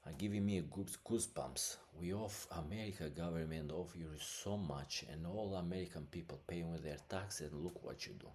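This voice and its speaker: A man hosting a podcast, giving impassioned opinionated news commentary, halting often with restarts and fillers. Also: sits low, a little mellow, a little hiss or hum. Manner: impassioned and agitated. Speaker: podcast host.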